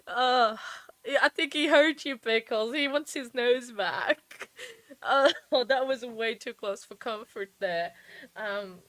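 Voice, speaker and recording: A woman's voice: fairly high pitch, slow, a bit bright, no echo. A woman hosting a live stream in a casual, chatty way, often laughing and talking straight to her viewers. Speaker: livestream host.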